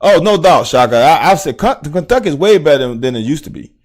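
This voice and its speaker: A man's voice: a little high, animated, quick pace. Blunt, profane Southern American man. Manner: blunt, profane, talks straight to chat viewers. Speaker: host, former player breaking down game film. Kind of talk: casual live-stream commentary.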